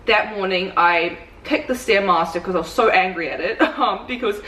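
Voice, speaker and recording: A woman's voice: medium pitch, moderate pace, bright, forceful tone. A young woman, a fitness coach, chatting casually in a vlog and telling stories packed with "like". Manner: chatty storytelling, full of "like". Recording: roomy, distant, faint ambience.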